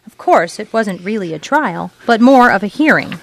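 Woman narrating a novel, measured read. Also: medium pitch, lively intonation, vocal fry. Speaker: audiobook narrator. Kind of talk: scripted narration.

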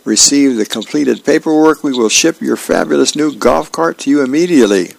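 A man's voice: mid-range voice, animated, fairly quick, gravelly, voice pushed up. A man voicing a slick, phony telemarketer on the phone in a comic strip reading. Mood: salesy. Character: slick male telemarketer, phony cheerful pitchman.

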